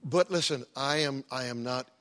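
A man's voice: medium pitch, moderate pace, a bit bright. A middle-aged man preaching a sermon as pastor, in a folksy, conversational way with joking asides.

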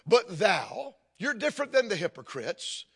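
An older man preaching a sermon, telling stories and building to emphatic, forceful points. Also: sits high, big pitch swings, a little slow, vocal fry, husky. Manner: storytelling preacher, rising to emphatic calls. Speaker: pastor.

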